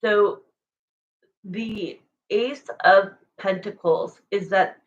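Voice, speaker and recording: Slow, chatty woman reading tarot. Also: mid-range voice, a bit bright, highs cut off. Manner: rambling, chatty, emotional, searches for words. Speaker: tarot reader. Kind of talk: live-stream tarot reading to viewers.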